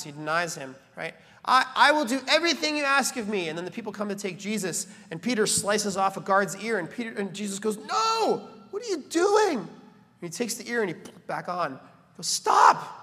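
A man preaching a sermon as a pastor, animated, building to emphatic peaks and slipping in joking asides. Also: on the high side. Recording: reverberant church hall.

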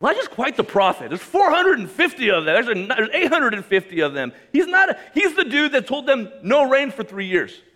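A male pastor delivers a sermon in a fairly high voice. He reads scripture aloud and then comments on it with humor and emphasis. His delivery swings between raised, forceful lines and quiet, low drops. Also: huge pitch swings, fairly quick, hardly any pauses.

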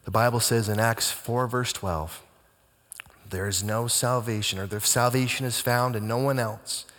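A male pastor preaching a sermon with dramatic swings between hushed and booming delivery. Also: fairly even intonation, normal speed, big-room sound.

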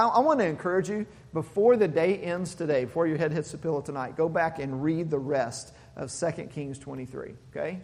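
Pastor guy preaching, earnest, kinda high voice, big echoey church hall. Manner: earnest, repeats words when building a point. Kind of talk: sermon. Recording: long hall reverb.

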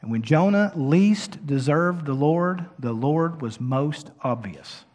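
A man preaching a sermon as pastor, moving from quiet reflection to loud, emphatic peaks. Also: a little high, expressive, slow pace. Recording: long hall reverb.

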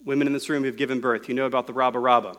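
A man's voice: medium pitch, steady tone, racing, fairly bright tone. A man preaching a sermon to a congregation in a room, explaining scripture word by word in a patient teaching tone.

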